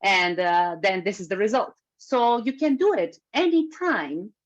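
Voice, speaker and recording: Woman talking at a workshop on a video call, animated, moves around while she talks, kinda dull lo-fi sound. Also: medium pitch, a little slow. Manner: lively, moves while speaking. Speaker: workshop speaker. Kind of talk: webinar talk. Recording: slightly muffled video call recording.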